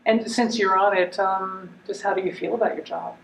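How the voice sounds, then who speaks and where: A woman acting as a counselor in a practice interview, asking gentle reflective questions with small restarts. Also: medium pitch, fairly even intonation, normal speed, gravelly, echoey room, distant mic, a little hiss or hum, low-quality recording. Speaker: counselor in a training role-play. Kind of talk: clinical interview role-play.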